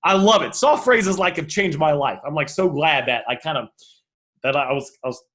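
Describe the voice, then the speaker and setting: A man teaching negotiation by walking through message examples, animated and thinking aloud with quick restarts. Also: on the high side. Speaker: negotiation coach.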